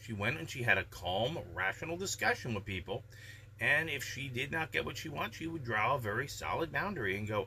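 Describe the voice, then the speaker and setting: A man talks through his daily vlog with a calm, measured delivery, reflecting aloud as he gives life advice. His voice is very bright and sharp, pitched in an ordinary middle range for a man. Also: slight background noise. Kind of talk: casual daily vlog monologue.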